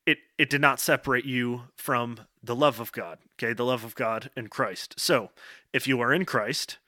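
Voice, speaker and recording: A man giving an informal devotional talk to college men, earnest and direct, often checking in with "okay" and pausing on "um". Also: medium pitch, bright, forceful tone, dry recording, studio quality. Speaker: speaker addressing college men.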